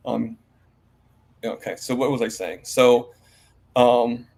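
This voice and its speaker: A man's voice: mid-range voice, slow pace, creaky, a little mellow. A man as an interview guest in a casual live-stream chat, rambling with many fillers and restarts.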